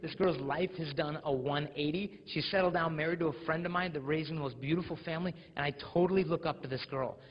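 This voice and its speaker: A young American man speaks to a crowd of teenagers, telling stories with energy and slipping into mimicked voices. His voice sits fairly high with a husky edge. The sound carries a long hall echo and a dull, lo-fi tone. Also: fast talker, hardly any pauses. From United States. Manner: animated storytelling, mimics voices. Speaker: school speaker. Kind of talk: live motivational talk to teens. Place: school auditorium.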